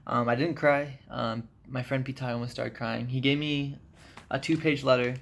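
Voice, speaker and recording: Tired guy vlogging, loose and chatty, gravelly voice, lots of ums. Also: mid-range voice, moderate pace, a little hiss or hum. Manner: rambling, filler-heavy, relaxed chat. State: jet-lagged, tired. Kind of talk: casual vlog update. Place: hotel room.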